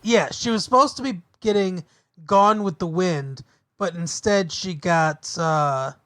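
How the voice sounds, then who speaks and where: A man's voice: sits high, a little slow, fairly bright tone, no room sound. A man co-hosting a podcast, casually recapping a TV episode with lots of fillers and laughs. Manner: rambling, laughs often, many fillers. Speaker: podcast co-host.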